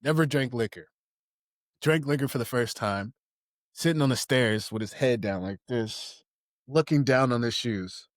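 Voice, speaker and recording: A young man co-hosting a podcast, telling rowdy stories in casual chat and breaking into high-pitched impressions of friends. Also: moderate pace, dry recording, clean studio sound. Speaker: podcast co-host.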